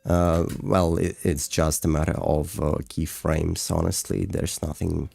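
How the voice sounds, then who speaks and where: A Russian-accented man with a very low voice, talking slowly and haltingly on a casual livestream. He stumbles through fillers and restarts as he reads chat and explains his work. The sound is close and dry. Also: flat delivery, vocal fry, dark tone, no echo, faint music behind. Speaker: streamer and animator.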